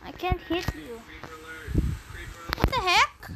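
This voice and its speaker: A young woman narrates her gameplay in a high, unhurried voice, chatty and easily flustered as she talks to herself. Steady noise sits behind her on a home recording. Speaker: game streamer. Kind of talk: casual gameplay commentary.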